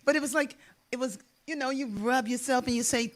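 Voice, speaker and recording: An older woman hosting a casual live chat, warm and playful, laughing often. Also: sits high, normal speed, long pauses. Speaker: host and singer.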